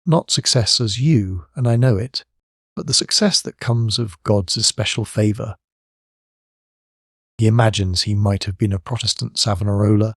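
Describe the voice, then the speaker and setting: A wry, devoted young pirate lieutenant tells a shipmate's story with knowing amusement, as a man reads him aloud. The voice sits low and dry, close to the mic, like a storybook read at the table. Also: moderate pace, fairly bright tone, no room sound.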